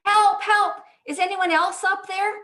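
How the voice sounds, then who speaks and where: A woman voicing a terrified man who hangs from a cliff branch and yells frantically for help. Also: lively intonation, unhurried, heavily acted. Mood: panicked. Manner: frantic yelling, high and pleading.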